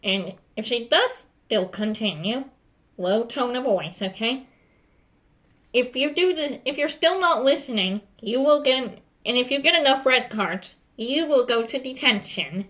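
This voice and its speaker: Woman as a calm, strict principal. Bright and crisp, lecturing staff. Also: on the high side, a little slow. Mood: instructing. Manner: instructive, firm, repeats "okay?". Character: strict but calm adult female school principal.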